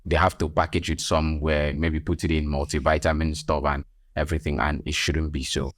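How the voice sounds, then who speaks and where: A Nigerian man with a very low voice hosts a health podcast, stressing his points and teasing listeners. He sounds close and dry, with no room around him. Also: little pitch movement, a little fast, no echo. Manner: emphatic, preachy, teasing asides. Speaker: podcast host and nurse.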